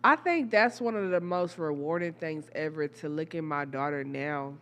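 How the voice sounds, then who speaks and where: A woman, hosting a podcast and telling stories in a blunt, profane, animated way. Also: sits low, normal speed. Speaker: podcast host. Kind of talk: candid casual chat.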